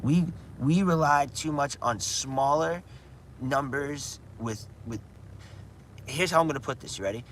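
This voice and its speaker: A man's voice: mid-range voice, measured pace, fairly bright tone. A chatty man ramble-talking on a casual livestream, tossing "dude" into his sentences. His voice sits in an ordinary middle range. Faint outdoor noise and passing traffic hum underneath. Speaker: gaming livestreamer.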